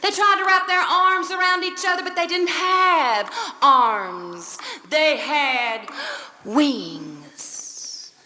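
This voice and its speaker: A woman's voice: high-pitched, extremely slow, pushed and bright, a little hiss or hum. A woman telling a folk tale with dramatic, rhythmic delivery that drops at times to a whisper. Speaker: storyteller.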